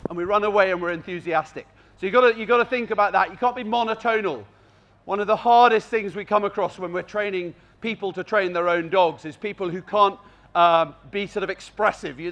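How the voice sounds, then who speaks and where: High-voiced man giving a lively dog-training demonstration. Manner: expressive and animated, acts out calls to the dogs. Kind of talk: live demonstration commentary to an audience. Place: outdoor country fair arena.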